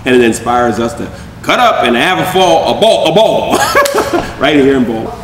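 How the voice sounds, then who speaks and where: A man's voice: medium pitch, big pitch swings, moderate pace, fairly bright tone, reverberant, long reverb tail, distant mic, slight background noise. A man hosting a comedy show, joking and rambling with restarts. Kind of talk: improvised comedy banter.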